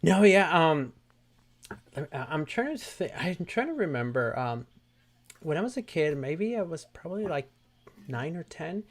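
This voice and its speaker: A man's voice: fairly high pitch, a little slow. A man hosting a casual chat, joking about himself and telling a story from his childhood. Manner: joking, animated, self-mocking. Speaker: show host.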